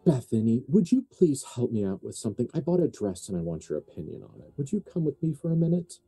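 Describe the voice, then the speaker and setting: A man doing a 1950s society wife with an airy, lifted voice and a mellow, dark timbre. She keeps a polished, breezy manner while hiding deep resentment. Faint music plays underneath. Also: big pitch swings, fast talker. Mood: sweet. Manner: breathy, bright falsetto-leaning lilt.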